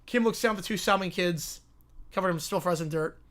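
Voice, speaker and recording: A man hosting a live stream, reading a fan story aloud in a quick, offhand way. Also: high-pitched, a bit bright.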